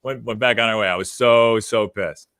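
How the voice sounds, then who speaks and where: A man co-hosting a business podcast in casual chat, telling stories in an animated way that gets heated. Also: fairly low pitch, normal speed, dry recording, clean studio sound. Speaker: podcast co-host.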